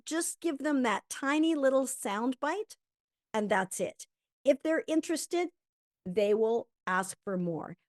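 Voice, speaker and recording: A woman teaching a health coaching lesson who acts out sample conversations with lively energy. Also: medium pitch, no echo, clean studio sound.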